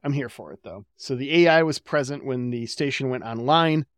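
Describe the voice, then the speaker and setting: A man with a mid-pitched voice, recapping an episode as a podcast co-host in easy casual chat. He is wry and swears offhandedly. The recording is close and dry. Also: normal speed, a bit bright, no echo.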